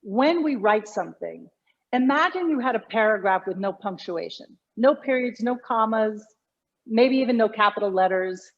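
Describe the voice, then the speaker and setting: A woman communication coach explaining speech habits in an interview, emphatic and lively. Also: mid-range voice, normal speed, muffled recording. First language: English. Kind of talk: conversational interview.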